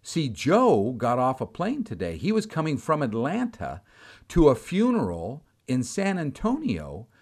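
A man's voice: medium pitch, huge pitch swings, measured pace, a little mellow. A middle-aged man, a preacher, telling a dramatic, exasperated story in a storytelling sermon.

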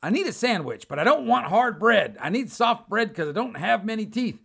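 A man's voice: high voice, very animated, normal speed, gravelly, a bit bright, breathy edge, pitched above the performer's own voice, full character voice. A man voicing a simple-minded, lost male traveler who pleads over and over for help. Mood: pleading. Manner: repetitive, plaintive pleading.

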